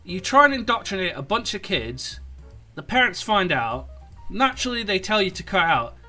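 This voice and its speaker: A man's voice: sits high, big pitch swings, moderate pace, bright, forceful tone, faint music behind. A man ranting sarcastically in an online commentary video, with stumbling restarts. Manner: sarcastic, mocking, rambling. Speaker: political commentator.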